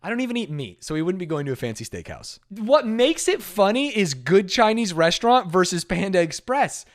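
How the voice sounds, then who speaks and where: A man's voice: sits high, a little fast. A young man, a streamer, telling a story in a casual, emphatic and defensive way. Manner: animated, emphatic, defensive retelling.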